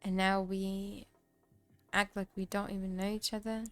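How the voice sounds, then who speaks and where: Young woman, smooth clear voice, dry close sound, casual rambling stream chat, soft music underneath. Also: mid-range voice, flat delivery, a little slow, dry recording. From Kazakhstan. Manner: rambling, heavy on fillers like "like" and "you know". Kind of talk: casual storytelling on a livestream.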